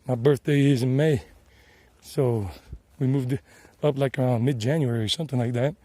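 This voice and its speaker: Sweating on a mountain trail, a middle-aged South Carolina man who vlogs travel and teaches English narrates his hike into a handheld phone. His Southern-accented voice is mid-range, dark, and steady at a normal speed, and he wanders chattily and repeats himself. There's no room sound.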